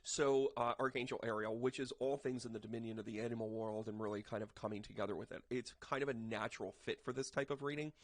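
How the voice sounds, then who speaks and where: A man's voice: mid-range voice, fairly even intonation, quick pace, hardly any pauses, no echo. A man, a medium, chatting casually and animatedly as he gives a tarot reading to his viewers, with jokey asides. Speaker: psychic medium and tarot reader.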